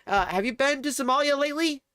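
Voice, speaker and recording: A man's voice: extremely high pitch, fast, sharp tone, no room sound. Profane ranting streamer man, dry sound. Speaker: livestreamer. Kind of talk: angry livestream commentary. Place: home streaming setup.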